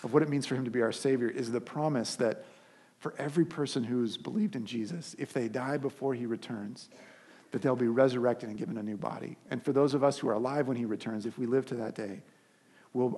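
A man delivers a sermon as a pastor, retelling a story with lively energy. His voice sits at a middle pitch with a husky edge, and he often restarts his phrases as he builds each point. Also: fast talker. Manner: animated storytelling with frequent restarts.

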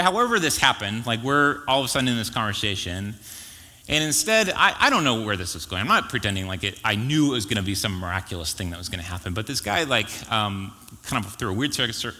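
A man's voice: fairly low pitch, pushed and bright. A man in his thirties, a pastor giving a casual, joking sermon full of stories and asides. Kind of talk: conversational sermon storytelling. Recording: reverberant church hall.

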